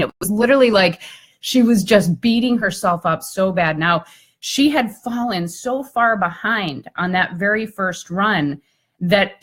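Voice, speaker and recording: A woman speaker and coach telling a story in a lively, conversational way on a live video chat, often using "like" and "I mean". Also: mid-range voice.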